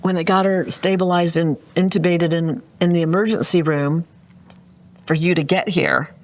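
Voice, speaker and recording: A woman's voice: lowish voice, steady tone, moderate pace. Earnest middle-aged woman telling a story. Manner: earnest, vivid retelling, addresses the host often. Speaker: guest entrepreneur. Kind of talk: emotional storytelling.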